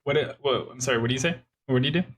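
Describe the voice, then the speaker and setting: A male game master narrates a tabletop game in a rambling way, stacking up fillers as he describes the scene. His voice sits at an ordinary middle pitch. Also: rapid-fire, fairly bright tone. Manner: rambling, full of "like" and "kind of".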